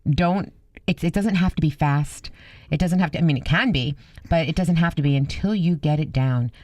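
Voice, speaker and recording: Low-voiced woman giving radio advice. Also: normal speed, darkish tone, no room sound. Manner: laughing, earnest, advising. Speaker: radio co-host.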